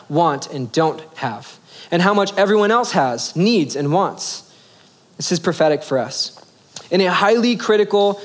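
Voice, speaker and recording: A young man delivers a sermon in a relaxed, conversational manner. His voice sits a little higher than most men's, and he drops into slangy acted asides as he talks. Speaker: preacher.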